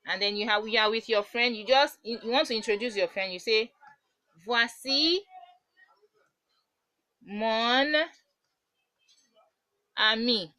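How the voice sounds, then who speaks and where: A woman teaching a beginner French lesson, patiently repeating words slowly to show the pronunciation. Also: mid-range voice, steady tone, fairly bright tone, dry recording, low-quality recording. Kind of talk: online language lesson.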